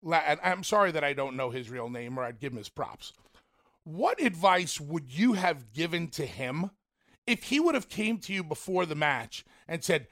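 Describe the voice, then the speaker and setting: A man co-hosts a radio talk show, setting up the topic with lively, excited build-ups. His voice sits somewhat high for a man. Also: moderate pace.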